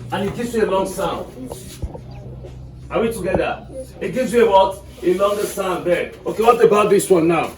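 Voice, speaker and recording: A Nigerian man with a high voice teaches an English class, pausing often to make sure his students are following. He's recorded from far across an echoey room, so the sound comes across roomy and distant instead of close and dry.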